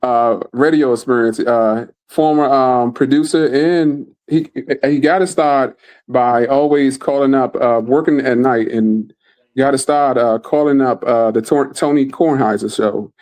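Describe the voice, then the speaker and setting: A man's voice: mid-range voice, unhurried, darkish tone. A man hosting a casual podcast chat over a remote call, enthusiastic and repeating his words. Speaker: podcast host.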